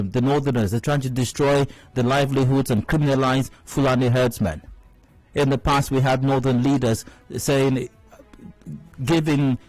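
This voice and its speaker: A man's voice: mid-range voice, no echo, rough recording. Nigerian male radio host, emphatic and outraged, dry booth, light music bed. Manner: indignant, emphatic, repeats phrases for stress. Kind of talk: opinionated radio commentary. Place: radio studio. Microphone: studio mic.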